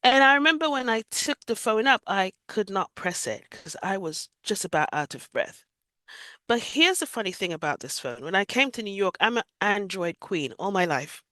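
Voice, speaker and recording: Expressive woman telling her story. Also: medium pitch, normal speed, no echo. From Jamaica. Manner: vivid, emotional retelling. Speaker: guest sharing a near-death experience. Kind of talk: personal storytelling in an interview.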